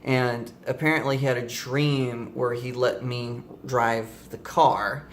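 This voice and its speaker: A man's voice: mid-range voice, fairly even intonation, slow, slight background noise. Rambling young man telling a story. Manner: rambling, many fillers and self-corrections. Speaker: vlogger. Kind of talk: casual storytelling to camera.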